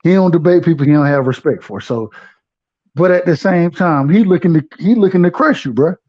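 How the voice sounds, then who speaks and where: Guy with a high voice, casual slangy talk, a bit muffled lo-fi sound. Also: expressive, a little fast, darkish tone. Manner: loose, streetwise slang, frequent restarts. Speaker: regular guest. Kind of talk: casual live-stream chat. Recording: dull lo-fi audio.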